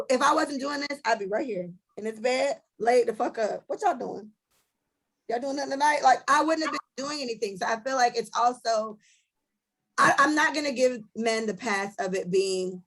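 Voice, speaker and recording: A woman hosting a casual podcast chat, telling stories in a blunt, animated way with lots of profanity. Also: a little high. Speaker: podcast host.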